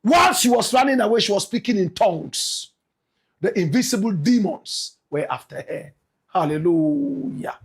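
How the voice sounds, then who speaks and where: Ghanaian man, political commentator, high husky voice, swings wide in pitch, emphatic. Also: expressive, normal speed. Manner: emphatic, repeats "my brother, my sister", bursts into shouts.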